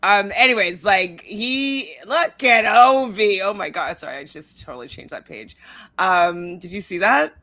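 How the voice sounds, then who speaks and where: Chatty woman host, bright tone, dry sound; casual reality TV recap, giggly. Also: mid-range voice, expressive, unhurried, dry recording. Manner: chatty, giggly, reads live chat aloud. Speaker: podcast host.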